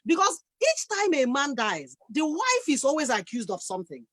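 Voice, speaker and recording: A woman on a discussion panel, speaking forcefully and with passion from her own experience. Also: sits high, wildly swooping pitch, moderate pace, dry recording.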